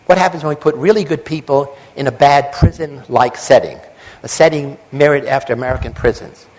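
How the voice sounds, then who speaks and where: A man's voice: medium pitch, fairly even intonation, fairly quick, darkish tone, rough recording. An older man, a psychologist, giving a public lecture with emphatic lists and acted-out quotes.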